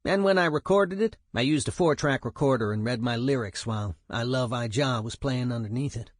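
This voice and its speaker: A man's voice: mid-range voice, brisk, no room sound, clean studio sound, lightly acted. A man voicing a streetwise male punk musician, telling a story in a profane, emphatic way. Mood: animated.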